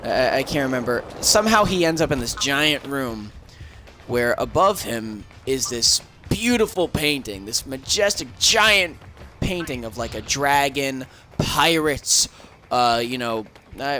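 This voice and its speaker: A man on a game stream retells a movie in a rambling, profane way, heavy on fillers. His mid-range voice is expressive, bright, and forceful, though a little slow, and the recording carries crackle and background noise.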